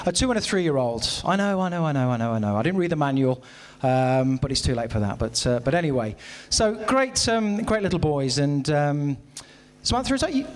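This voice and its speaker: A man in his thirties performing a self-mocking stand-up set, talking straight to the audience on a live stage. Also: on the high side. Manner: self-mocking, chatty, addresses audience directly. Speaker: stand-up comedian. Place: live stage at a charity comedy event.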